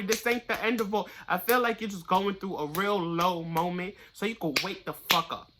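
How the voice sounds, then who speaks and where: A tarot reader giving a casual, blunt and profane reading straight to the viewer, getting louder and higher when fired up. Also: moderate pace, hardly any pauses, heavy background noise. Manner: blunt, profane, pep-talk delivery.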